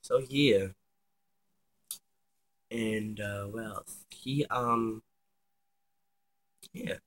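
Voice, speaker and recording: A man's voice: lowish voice, very slow. A young man casually telling a personal story, chatty and slangy with lots of swearing. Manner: chatty and slangy, swears freely, many fillers.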